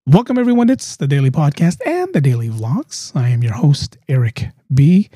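A man's voice: a little high, big pitch swings, moderate pace, mellow, slightly rough, no echo, soft background music. Male podcast host, chatty and friendly-sounding, dry close mic. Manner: upbeat, chatty, repeats himself. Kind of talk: live video interview.

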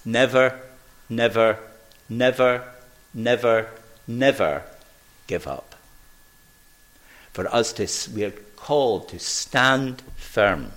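Slow, measured man preaching a sermon. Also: lowish voice. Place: church.

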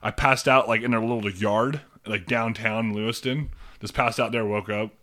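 A man's voice: fairly low pitch, fairly even intonation, moderate pace, fairly bright tone. A young man casually sharing drunken stories, swearing and laughing. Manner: laid-back, swearing, laughing. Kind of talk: casual storytelling chat.

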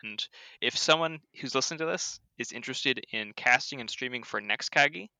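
A man's voice: medium pitch, brisk, pushed and bright, no room sound. A Canadian man with a Canadian accent, a league organizer chatting casually on a podcast and explaining things at length.

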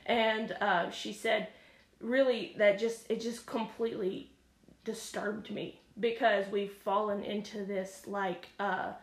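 A woman's voice: medium pitch, fairly even intonation, slow. Woman talking in an echoey room. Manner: rambling, many fillers and restarts. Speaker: podcast co-host. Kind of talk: casual church discussion. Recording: echoey room, faint noise.

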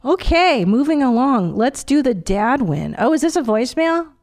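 A woman's voice: sits high, sing-song, moderate pace, darkish tone. A woman in her forties hosting a podcast, chatting in a blunt, profane way and laughing often. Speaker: podcast host. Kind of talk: casual comedic monologue.

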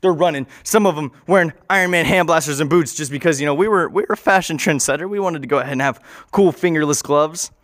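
A man's voice: fairly high pitch, fast, fairly bright tone, dry recording, clean studio sound. A man improvising a rambling comic story, often interrupting himself and swearing casually.

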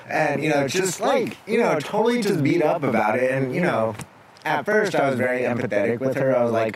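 A man, a makeup artist and podcast guest, telling a story in a lively, conversational way. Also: medium pitch, a little fast, a crowd in the background. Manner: animated storyteller acting out quotes. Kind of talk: casual storytelling chat.

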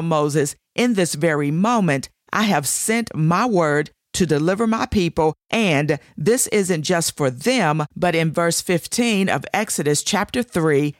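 A woman's voice: fairly low pitch, dry recording, studio quality. A woman hosting a devotional show, teaching scripture with emphatic, repeated declarations.

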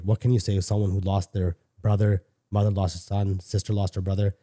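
A man's voice: lowish voice, steady tone, normal speed, mellow. A middle-aged man from Canada telling a personal story on a podcast in a candid, casual way, swearing freely and restarting sentences often. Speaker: podcast guest.

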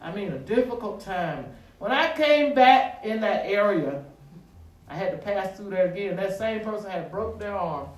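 A man preaching a sermon with call-and-response, stretching words with dramatic pauses and rising to shouts. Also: high-pitched, lively intonation, far from the mic. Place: church sanctuary. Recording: echoey room, voice from afar.

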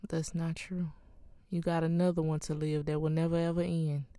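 A woman's voice: low-pitched, little pitch movement, moderate pace, dark tone, dry recording, studio quality. A woman preaching her own testimony with fervent feeling, repeating phrases for emphasis and calling listeners "child" and "honey". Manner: laughs between lines.

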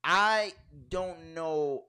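A man's voice: fairly high pitch, very slow, smooth. A man with a New York accent, co-hosting a casual reaction chat and joking a lot. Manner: animated, joking, laughs often. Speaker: podcast co-host.

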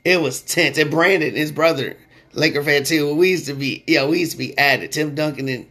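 A man hosting a sports podcast in a casual, slangy way, getting loud and excited when he rants. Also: a little high, brisk.

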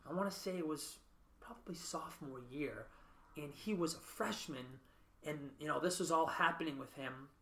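A man's voice: on the high side, normal speed, bright, forceful tone, roomy sound, a little hiss or hum. A man hosting a podcast, talking in an earnest, reflective way and often checking in with "right?". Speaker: podcast host. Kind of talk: casual interview chat.

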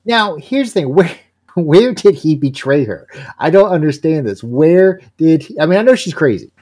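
A man's voice: a little high, animated, normal speed, darkish tone. A man co-hosting a casual comic book podcast, rambling with lots of fillers and wry asides. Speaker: podcast co-host. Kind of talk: casual comic recap chat.

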